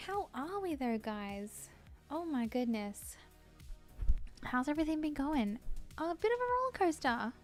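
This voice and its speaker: A woman chatting casually on her live stream, bubbly and giggly, thanking viewers and admitting she feels scattered. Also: on the high side.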